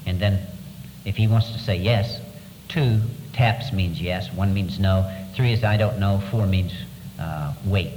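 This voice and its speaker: A man with a somewhat low, darkish voice earnestly and deliberately recounts being held captive during wartime, pausing often. The recording sounds like an echoey hall, with long reverb and noticeable background noise.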